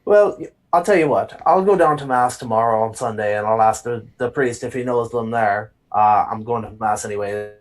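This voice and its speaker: A man playing in a tabletop game, speaking in a relaxed, plain-spoken way about his character's plans. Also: medium pitch, fairly quick, hardly any pauses. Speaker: player. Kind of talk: casual tabletop game chat.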